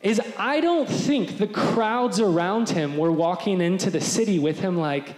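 A man preaching a sermon as pastor, animated and acting out the voices of crowds. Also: high-pitched, unhurried, hardly any pauses. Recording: echoey hall with long reverb.

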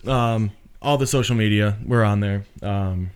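A man's voice: lowish voice, measured pace. A man hosting a podcast, wrapping up the episode in a laid-back, rambling way. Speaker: podcast host. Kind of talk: casual chat, wrapping up the episode.

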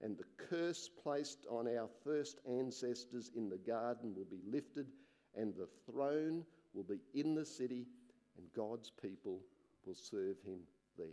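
A preacher reads scripture in a slow, earnest manner, letting his voice fall soft and low as each phrase ends. Between passages he breaks into excited, musing asides.

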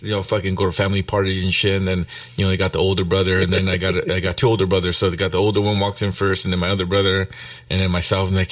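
Deep-voiced blunt middle-aged man. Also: flat delivery, fast talker, no room sound, far from the mic. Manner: blunt, heavy swearing, mixes in Spanish phrases. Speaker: guest. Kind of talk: casual chat. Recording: dry sound, speaker off mic.

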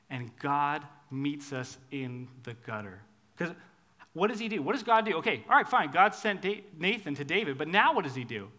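A man preaching a conversational sermon, swinging between hushed asides and loud, emphatic lines. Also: on the high side, lively intonation, normal speed.

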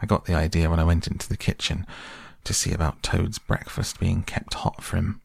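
A man reading the part of an excitable, cheeky male mole telling a story. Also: deep voice, moderate pace, vocal fry, husky, no echo, clean studio sound, full character voice. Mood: gleeful. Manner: gleeful, chatty.

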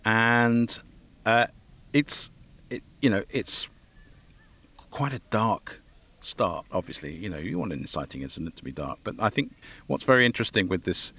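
A man's voice: lowish voice, very animated, normal speed, bright, forceful tone. A man hosting a podcast as the publisher, chatting casually and laughing easily. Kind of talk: casual chat.

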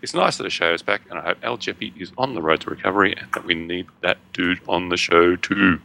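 A man's voice: low-pitched, brisk, gravelly, pushed and bright, slight background noise. A man with an Australian accent co-hosting a gaming podcast, chatty and jokey while reading listener mail. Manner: jokey, chatty, self-deprecating. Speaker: podcast co-host.

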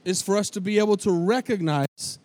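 A man's voice: high-pitched, a little fast, a little mellow, dry recording, clean studio sound. A man, a lead pastor, preaching a folksy sermon and calling for responses from his congregation in a tin-roofed church.

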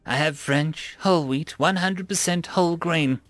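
A man's voice: on the high side, unhurried, fairly bright tone, dry recording, faint music behind. A man voicing a smug, overly polite male food-dispenser machine in a story reading. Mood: prim. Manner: prim, customer-service politeness, sly. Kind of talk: story narration.

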